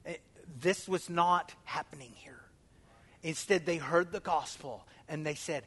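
A man preaching a sermon as pastor, emphatic and calling out to his congregation, swinging between loud declarations and hushed near-whispers. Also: on the high side, a little slow, slightly rough.

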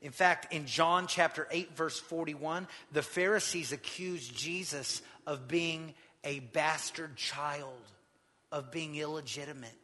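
A man preaching a sermon, retelling scripture with lively acted-out quotes. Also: fairly high pitch, slow, in a large hall. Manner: animated storytelling, acting out quotes. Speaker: pastor.

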